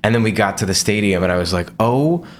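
Guest, male, 30s, deeper voice, chatty storyteller who restarts a lot. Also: steady tone, rapid-fire. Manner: storytelling, many restarts and acted quotes. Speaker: podcast guest. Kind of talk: casual chat.

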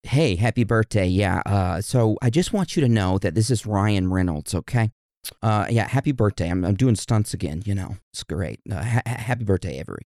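A laid-back, joking movie star voice, as a man fumbles through an impression. It is low, halting and mumbled. The sound is dry and close. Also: lively intonation, darkish tone, dry recording. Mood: offhand.

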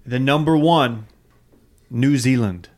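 A man's voice: mid-range voice, takes it slowly, darkish tone. A man co-hosting a podcast in casual chat, joking and reading out a ranked list. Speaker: podcast co-host.

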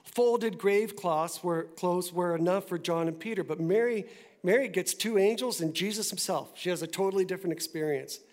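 A male pastor giving a sermon in a church, talking in a conversational, animated way with quick asides. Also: high-pitched.

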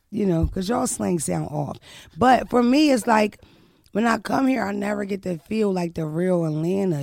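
A woman comedian from Philadelphia hosting her podcast, with loud, profane, animated banter. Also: medium pitch, creaky, dry recording, clean studio sound. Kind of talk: casual podcast chat.

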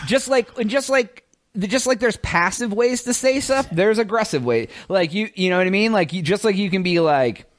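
A man's voice: high voice, normal speed. A man co-hosting a podcast, talking casually and acting out what other people say as he tells stories. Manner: animated, mimics other people mid-story. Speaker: podcast co-host. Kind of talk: casual chat.

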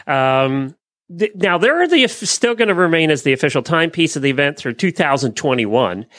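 A man's voice: on the high side, sing-song, moderate pace, a bit bright, no room sound, studio quality. A middle-aged man co-hosting a casual chat, easygoing and plainspoken, with frequent fillers. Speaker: co-host. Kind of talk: casual chat, reading news items.

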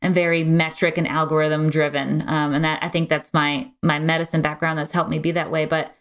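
A woman's voice: sits low, brisk. A middle-aged woman, a business owner guesting on a podcast, telling her story frankly and casually with lots of "like" and "you know.". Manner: frank, energetic, many fillers like "like" and "you know".

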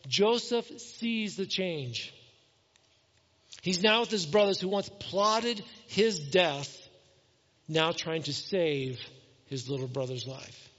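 High-voiced preacher in an echoing hall. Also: male voice, slow pace, highs cut off. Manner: animated storytelling, reading scripture aloud and voicing the characters. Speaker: pastor. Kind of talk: sermon.

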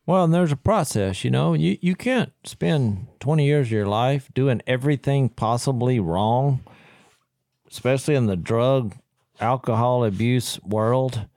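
A man's voice: mid-range voice, unhurried, a little mellow, no room sound, studio quality. A man co-hosting a faith podcast, talking thoughtfully and paraphrasing scripture. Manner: thoughtful, with frequent fillers and restarts. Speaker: podcast co-host. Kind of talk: casual faith discussion.

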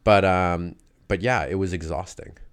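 A man casually recounting his fighting days in a loose, animated way, full of fillers. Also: deep voice, a little slow, clear, resonant tone. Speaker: guest telling fight stories. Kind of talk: casual conversational storytelling.

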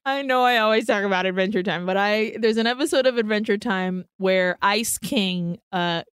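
Smooth-voiced woman podcast co-host. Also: mid-range voice, normal speed, no echo, clean studio sound. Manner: animated, swearing, acts out lines. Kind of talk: casual chat recapping a film.

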